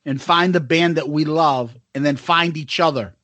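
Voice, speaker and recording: A man's voice: fairly high pitch, normal speed, dry recording. A man co-hosting a podcast, joking crudely and swearing in casual banter. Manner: profane, jokey, animated. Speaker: podcast co-host.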